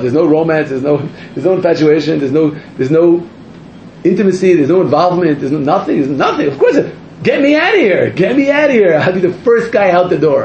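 A man, a rabbi, giving an animated, rambling sermon to a live audience, interrupting himself and rising to near-shouts. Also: a little high, slight background noise. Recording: echoey room, muffled sound.

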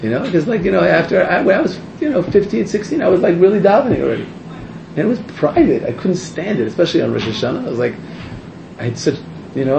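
A man preaches in a high, swooping voice, interrupting himself and climbing toward shouts. His words ring around an echoey room, and the sound is a little muffled. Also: creaky, background noise. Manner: animated, rambling, self-interrupting, rising to near-shouts. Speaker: rabbi. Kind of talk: sermon to a live audience.

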